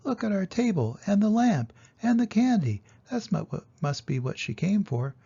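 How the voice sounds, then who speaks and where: Older man voicing a fussing farm wife, storybook, gravelly husky voice, dull lo-fi sound. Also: high-pitched, sing-song, normal speed, mellow, voice pushed up, full character voice. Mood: scolding. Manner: fussing, indignant. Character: farm wife, fretful and scolding. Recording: dull lo-fi recording.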